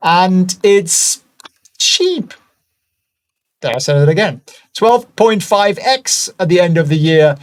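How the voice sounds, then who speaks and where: Male stock-channel host with a German accent, high-ish voice, excitable and chatty, squeaky bursts on the exciting bits, whispered asides. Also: normal speed. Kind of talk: screen-share stock analysis.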